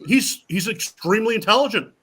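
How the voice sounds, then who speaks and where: A man tells rowdy stories as a guest, cursing freely and acting out every quote. His voice sits a little high and swings widely in pitch. The tone is bright and forceful. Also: brisk, slightly rough. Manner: animated, acts out quotes, swears freely. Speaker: guest, professional wrestler. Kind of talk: casual storytelling.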